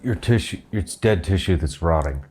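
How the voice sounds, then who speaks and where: Male interviewer, very deep and mellow, brief interjections, faint hum behind. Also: expressive, moderate pace. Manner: brief interjections and follow-up remarks. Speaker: podcast host. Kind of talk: interview chat.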